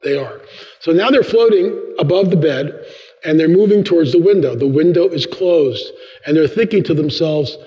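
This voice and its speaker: A man giving a humorous church talk as a guest speaker, acting out quotes with big jumps in his voice. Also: normal speed. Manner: animated, acts out quotes with big pitch jumps. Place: large church hall. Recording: long hall reverb, dull sound.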